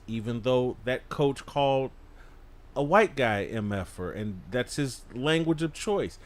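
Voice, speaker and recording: A man's voice: medium pitch, animated, measured pace. A man appearing as a guest on a podcast, making blunt, emphatic points in casual political talk.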